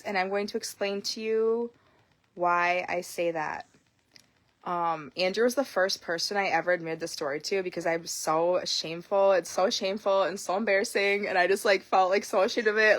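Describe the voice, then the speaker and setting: A woman's voice: mid-range voice, a little fast, sharp tone, dry recording. A young woman vlogging in a casual confessional monologue, candid and blunt, swearing freely and telling her story with animation.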